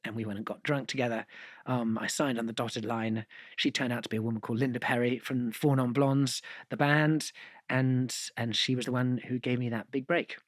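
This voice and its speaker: A man's voice: mid-range voice, steady tone, moderate pace, dry recording, studio quality. A male podcast guest telling long, self-deprecating stories in a conversational way, restarting sentences and using fillers. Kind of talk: conversational storytelling.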